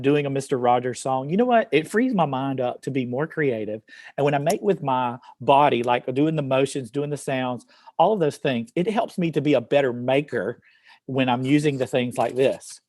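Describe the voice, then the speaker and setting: Reading a poem aloud to his online class from an office, a cheerful teacher encourages the students and fills his speech with fillers. His mid-range voice is darkish, in a dry, studio-quality recording.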